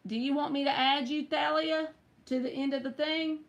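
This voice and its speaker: A woman's voice: high voice, steady tone, normal speed, muffled recording. A woman running a casual live-stream tarot reading, chatty and teasing as she talks to viewers by name.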